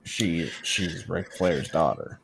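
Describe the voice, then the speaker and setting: A man's voice: low-pitched, creaky, slight background noise. A man co-hosting a podcast, chatting casually and profanely about wrestling, laughing and riffing on jokes. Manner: excitable, profane, quick to laugh and riff. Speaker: podcast co-host. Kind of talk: casual wrestling recap chat.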